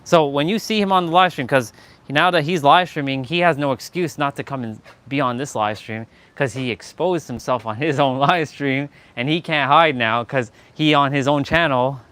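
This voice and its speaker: A man's voice: medium pitch, moderate pace, fairly bright tone. Playful rambling Southern American man. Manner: playful, rambling, talks to chat, laughs often. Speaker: live streamer. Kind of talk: casual live stream chat.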